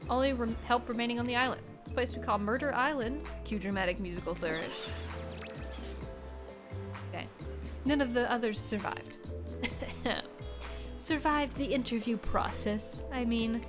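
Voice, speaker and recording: A woman's voice: a little high, expressive, moderate pace, long pauses, music in the background, close to an everyday voice. A woman voicing a smug, shady narrator in a game, dry and theatrical. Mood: sly. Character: smug, shady island narrator, sly host.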